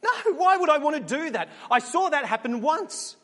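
A preacher putting on a panicky frightened sheep. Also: male voice, extremely high pitch, lively intonation, fairly bright tone, voice pushed up. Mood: indignant. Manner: panicked, rapid, indignant outbursts. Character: frightened male sheep fleeing his slain shepherd. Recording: long hall reverb.

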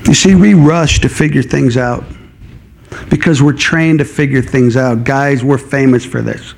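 A middle-aged man preaching a sermon as pastor, in a lively, conversational way that acts out everyday inner dialogue. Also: medium pitch, measured pace, creaky, a little hiss or hum.

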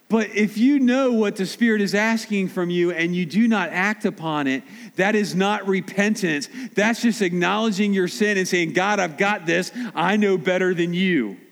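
A man preaching a sermon as pastor, swinging between hushed slow appeals and loud animated asides. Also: a little high. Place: church sanctuary. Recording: long reverb of a large hall.

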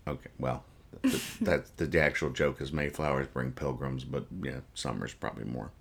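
A man's voice: rumbling low, steady tone, moderate pace, gravelly, husky. A man hosting a podcast, casually reading comic strips aloud, joking, rambling and explaining each joke. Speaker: podcast host.

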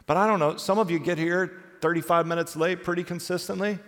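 A man's voice: fairly even intonation, fairly quick, fairly bright tone. A middle-aged male pastor preaching a sermon in a conversational way, often acting out the voices of the people he quotes. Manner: conversational preaching, acts out quoted voices, pitch swings widely. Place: church sanctuary. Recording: reverberant church hall.

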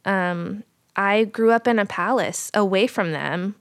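A young adult woman co-hosting a casual Bible discussion podcast, telling the story with lively put-on voices for the people in it. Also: mid-range voice, measured pace, no room sound, clean studio sound. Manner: animated storyteller, acts out voices in quotes. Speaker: podcast co-host.

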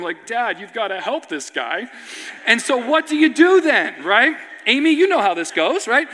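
Male pastor, sermon storyteller, high and lively voice, animated, reverberant hall. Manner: animated, builds to near-shouting excitement; keeps asking "right?" of the audience. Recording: long reverb of a large hall.

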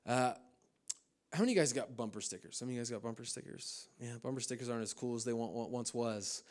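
A man's voice: medium pitch, quick pace, darkish tone. A man from the United States, a pastor, preaching a sermon at a church service, telling stories with humor and loose fillers.

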